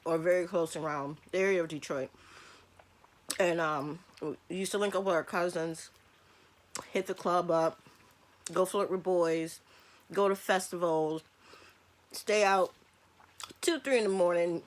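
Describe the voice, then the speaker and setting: A Michigan woman in her thirties films a lunch mukbang vlog in her bedroom, chatting in a laid-back way with fillers like "um" and "like." Her voice is fairly low and steady, with a measured pace and frequent pauses.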